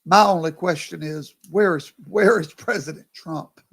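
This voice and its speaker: A man's voice: a little high, measured pace, gravelly, fairly bright tone. A man, a pastor chatting casually on a livestream, tired and yawning, talking to viewers by name. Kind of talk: casual live commentary.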